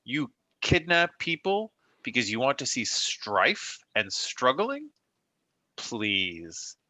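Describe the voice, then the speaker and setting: A man's voice: medium pitch, huge pitch swings, takes it slowly, pushed and bright, no room sound. A man playing a tabletop role-playing game, speaking as a dry, sarcastic starship captain. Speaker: player.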